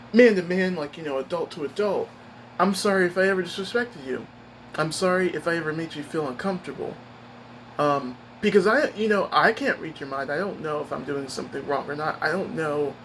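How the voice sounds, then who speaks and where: A young man with a slightly high voice rambles through a story from work, emphatic and expressive. He talks casually, piling on fillers and restarts as he vents to his viewers. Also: a little hiss or hum, poor audio. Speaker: streamer giving a life update.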